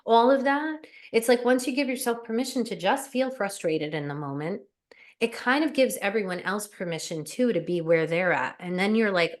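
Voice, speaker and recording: A woman life coach talking earnestly as an interview guest, animated and full of fillers. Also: mid-range voice, moderate pace. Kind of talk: casual interview chat.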